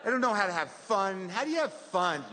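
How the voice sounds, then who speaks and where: Middle-aged male comic, high voice, neurotic, long live reverb. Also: very animated, fairly quick, over a noisy crowd, heavy background noise. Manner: neurotic, self-deprecating, rambling asides. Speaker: stand-up comedian. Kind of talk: stand-up routine. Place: comedy venue stage. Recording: live hall reverb with audience.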